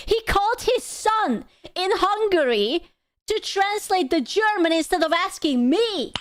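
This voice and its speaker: Young woman streamer, high voice, crude playful banter, dry close mic. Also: lively intonation, normal speed, no room sound. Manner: playful, crude, laughs often, stammers. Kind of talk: casual group chat.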